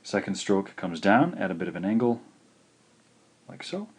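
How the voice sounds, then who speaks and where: A man teaching in a recorded video lesson, patient and slow, saying each syllable out clearly. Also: lowish voice, big pitch swings. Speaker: language teacher.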